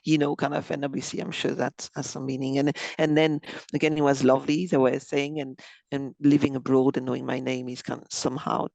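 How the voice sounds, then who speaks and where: A man speaking English as a second language in a group video call, halting, with many fillers. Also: medium pitch, level tone, gravelly, darkish tone, no room sound, muffled recording. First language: not English. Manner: halting, many fillers like "you know, kind of".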